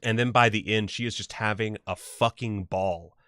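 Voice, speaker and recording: A man's voice: on the low side, steady tone, moderate pace, a bit bright, no room sound, clean studio sound. A man chatting casually about a film, rambling and profane, drifting off on tangents. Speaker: podcast host. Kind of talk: casual movie chat.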